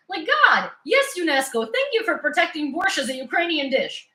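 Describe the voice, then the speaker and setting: A woman's voice: a little high, sing-song, moderate pace, pushed and bright, echoey room, poor audio. A woman hosting casual live news commentary, opinionated and sarcastic, often laughing. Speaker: news summary host.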